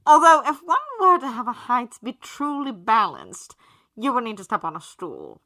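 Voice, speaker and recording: A woman doing a smug, theatrical demon gentleman. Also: fairly high pitch, sing-song, moderate pace, no echo, voice pushed up, full character voice. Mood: sardonic. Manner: loud, posh and mocking. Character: smug, theatrical male radio demon, tall and sardonic.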